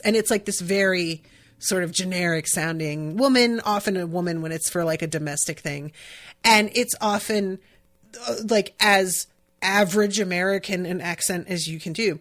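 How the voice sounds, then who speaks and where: A woman's voice: lowish voice, normal speed, a bit bright. Chatty woman podcast host. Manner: chatty and rambling, with many fillers and restarts. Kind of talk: casual podcast recap.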